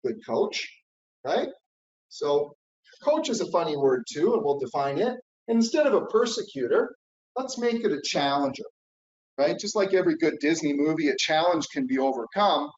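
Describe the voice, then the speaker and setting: A middle-aged man speaks at a conference with a fairly high voice that rises and falls in a lively way. He talks in an encouraging coaching tone and keeps checking in with his audience. The sound is roomy and a little dull, as if recorded from the hall. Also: normal speed. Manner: lively, coaching tone, with frequent "right?" and "okay?" check-ins. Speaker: keynote speaker. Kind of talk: conference keynote talk.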